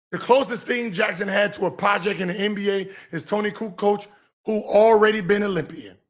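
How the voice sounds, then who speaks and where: High-voiced man ranting and mocking. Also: normal speed. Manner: mocking, animated, breaks into sing-song teasing. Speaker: podcast host. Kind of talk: heated commentary.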